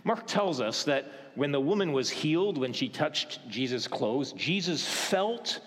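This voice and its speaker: A male pastor preaching a sermon, asking the congregation questions and dropping to a hush for tender moments. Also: fairly high pitch, animated. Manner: questioning, dramatic pauses, softens to a hush for gentle moments. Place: church. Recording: reverberant church hall.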